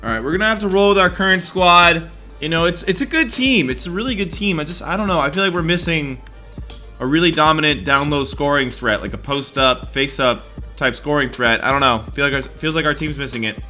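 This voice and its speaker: Young guy narrating his basketball game run, bright kinda high voice, gets hyped then grumbles, little music in back. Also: brisk. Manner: excitable, swings between hype and frustration. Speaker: gaming YouTuber. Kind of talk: video game commentary.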